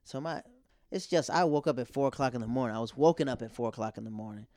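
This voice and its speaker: In a loose, rambling monologue, a young comic who hosts a podcast talks fast in a darkish, mid-range voice. He's conversational and uses lots of fillers, captured dry on a close mic with no room sound.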